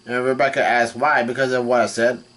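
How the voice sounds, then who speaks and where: A man casually recapping a comic chapter as he reads, stumbling over names and restarting lines often. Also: mid-range voice. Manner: halting, full of restarts and fillers, reads quoted lines flatly. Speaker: manga reaction vlogger. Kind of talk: casual recap while reading.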